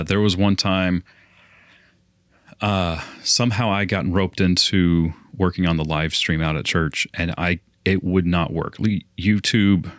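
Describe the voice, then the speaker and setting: Young male podcast co-host, very low voice, dry close sound, rambles and restarts a lot. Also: fairly bright tone, dry recording. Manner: rambling storyteller with frequent restarts. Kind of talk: casual podcast chat.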